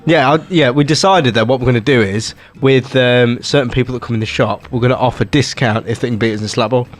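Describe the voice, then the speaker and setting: A man's voice: mid-range voice, quick pace, soft background music. A man co-hosting a comedy podcast, chatting bluntly and crudely with friends. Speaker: podcast co-host. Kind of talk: casual chat.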